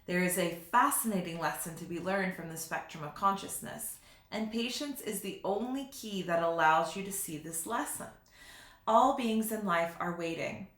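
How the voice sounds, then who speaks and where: A woman giving a slow, reflective spiritual teaching in a vlog, sometimes laughing at herself. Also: on the low side, fairly bright tone. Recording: roomy echo.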